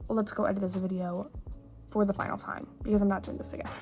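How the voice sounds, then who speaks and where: A woman's voice: mid-range voice, little pitch movement, fast talker, warm tone, soft background music. A young woman vlogging her day in a casual, rambling, self-deprecating way. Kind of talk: casual vlog chat.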